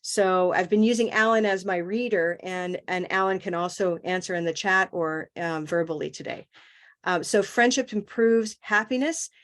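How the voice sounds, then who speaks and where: A woman teaching an online pronunciation class, encouraging and laughing often, slowing and stretching her words to show pauses. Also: lowish voice, fairly even intonation.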